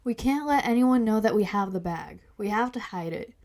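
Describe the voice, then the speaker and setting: A woman's voice: medium pitch, animated, moderate pace, a little mellow, close to an everyday voice. A woman voicing a secretive, worried father with a hidden past in a storybook podcast, earnest and confessional. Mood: scheming.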